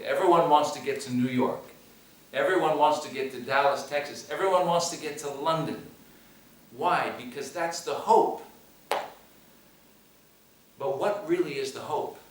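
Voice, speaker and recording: Brief: man from the US, film director at a screening Q&A, emphatic and repetitive, mid-pitched, heard from a distance in a roomy hall. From United States. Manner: emphatic, repeats phrases, asks rhetorical questions. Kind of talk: post-screening Q&A talk. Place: cinema hall. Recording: echoey hall, voice from far off, faint noise.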